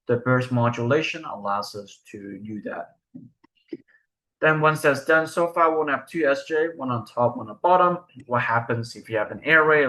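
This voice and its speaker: A man's voice: mid-range voice, sharp tone. A young man giving a recorded research presentation, explaining step by step and asking rhetorical questions.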